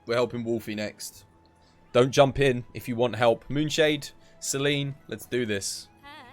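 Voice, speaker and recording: A man's voice: mid-range voice, measured pace, faint music behind. A tired man, chatting casually while live-streaming a game and giving gear advice. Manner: chatty, laid-back, gives gear advice.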